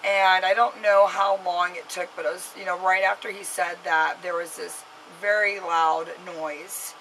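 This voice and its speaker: A woman's voice: lowish voice, flat delivery, measured pace, sharp tone, slight background noise, low-quality recording. A mother vlogging to camera, telling a story in a rambling way with many fillers and restarts and giving an earnest, scolding warning.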